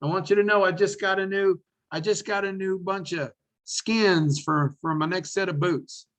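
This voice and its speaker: Brief: man playing an upbeat elderly saddle maker with a country twang and a higher, excited voice. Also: moderate pace. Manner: excited, folksy sales pitch. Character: cheerful 85-year-old male saddle maker with a twang.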